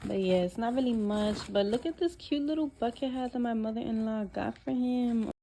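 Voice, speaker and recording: A woman's voice: fairly high pitch, brisk, warm tone, a little hiss or hum, low-quality recording. A young adult woman vlogger in casual chat at home, gushing and slangy as she talks straight to her viewers.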